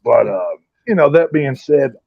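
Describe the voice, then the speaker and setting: A brash man trading crude jokes on a podcast. His pitch swings up and down a lot as he talks, and the audio sounds dull and lo-fi. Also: animated, moderate pace, gravelly, slightly rough, dry recording. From Texas. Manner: brash, joking, crude banter. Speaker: podcast co-host. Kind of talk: casual chat.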